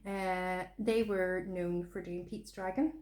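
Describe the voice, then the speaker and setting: A woman's voice: fairly low pitch, steady tone, takes it slowly, darkish tone. Chatty woman in a roomy echo. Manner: chatty storyteller, giggly. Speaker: podcast co-host. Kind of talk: casual chat.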